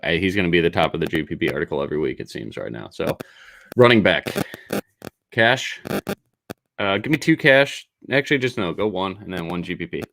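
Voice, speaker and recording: A man co-hosting a fantasy football show in casual chat, brisk as he runs the segment with quick picks. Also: low voice, animated, gravelly, a bit bright, low-quality recording. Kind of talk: casual sports betting chat. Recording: faint background noise.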